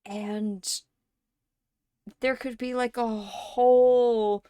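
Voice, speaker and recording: A woman's voice: on the high side, little pitch movement, drawn-out words, dark tone, smooth, no echo, studio quality. A woman live streamer in casual chat, thinking aloud at length and swearing offhandedly.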